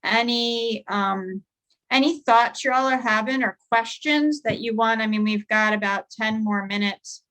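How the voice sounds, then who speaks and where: A woman's voice: on the high side, measured pace, fairly bright tone, rough recording. A woman facilitating a group discussion on a video call, conversational and thinking aloud with fillers as she talks.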